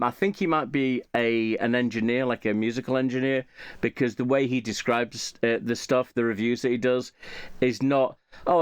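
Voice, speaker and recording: A man's voice: medium pitch, smooth, dry recording. A man chatting casually and rambling, with many fillers and restarts. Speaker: channel host.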